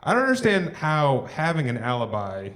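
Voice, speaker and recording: A young man doing a live stand-up set on a theatre stage, working the crowd with dry one-liners and pausing for laughs. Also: fairly high pitch, wildly swooping pitch, a bit bright. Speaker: stand-up comedian. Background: crowd laughing and clapping.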